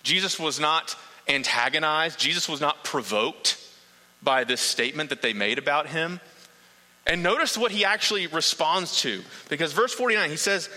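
A man's voice: a little high, normal speed, sharp tone, big-room sound, poor audio. A man preaching a sermon, earnest and emphatic, building points through repetition.

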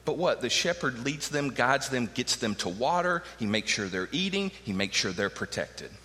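A man's voice: medium pitch, lively intonation, normal speed, pushed and bright. A middle-aged man preaching a sermon with emphatic rhetorical questions. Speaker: pastor. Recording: long hall reverb.

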